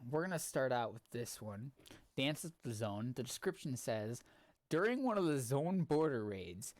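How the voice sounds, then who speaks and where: A man reads fanfiction aloud for a stream in a relaxed, wry manner, stopping often to comment with loose, filler-filled asides. His voice sits at an ordinary middle pitch and sounds close and dry, with no room around it. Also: dry recording. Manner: casual and wry, many fillers between readings. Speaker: streamer host.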